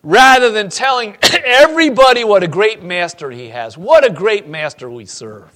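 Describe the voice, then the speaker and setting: Very animated and high-voiced, a male pastor delivers a sermon at a moderate pace, reading scripture to the congregation and swinging between loud emphasis and hushed personal asides.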